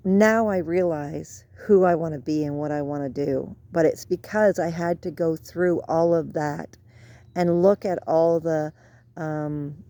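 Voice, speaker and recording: A middle-aged woman talking casually outdoors, reflecting in a rambling, soft way. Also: sits low. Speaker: vlogger.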